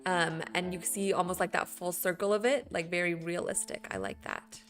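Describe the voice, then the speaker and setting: A woman's voice: fairly low pitch, fairly even intonation, normal speed, soft background music. A woman streaming a building game, chatting with her viewers in a rambling, playful way and laughing often. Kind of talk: casual chat with stream viewers while building.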